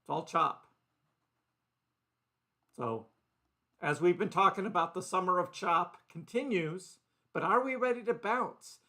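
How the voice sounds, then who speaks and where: A man's voice: high voice, unhurried, pauses often, pushed and bright. A man hosting a casual live crypto stream into a desk microphone, rambling chattily, laughing often and talking to his chat viewers by name. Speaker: crypto livestream host. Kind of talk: casual live market commentary.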